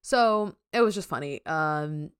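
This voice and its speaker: Giggly young woman, low smooth voice. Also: lively intonation, a little slow, dry recording, studio quality. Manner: giggly, chatty, many fillers. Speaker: podcast co-host. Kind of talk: casual chat.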